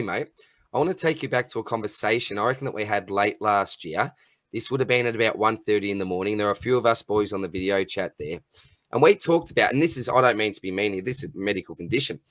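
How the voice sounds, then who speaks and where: A man's voice: mid-range voice, a bit bright, no echo. Jokey man hosting, dry mic. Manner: laddish, jokey, calls everyone mate. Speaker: podcast host. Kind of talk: casual chat.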